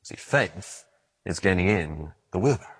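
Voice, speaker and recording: A man preaching a sermon, telling stories in an animated way, often stumbling and restarting his words. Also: low-pitched, normal speed, breathy edge. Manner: animated storytelling with stammered restarts.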